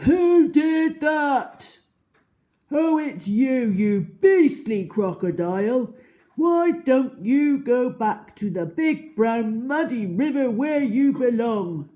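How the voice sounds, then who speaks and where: A woman's voice: high voice, animated, slow, mellow, voice pushed up. A woman voicing a big male elephant who sternly tells off a crocodile. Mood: scolding.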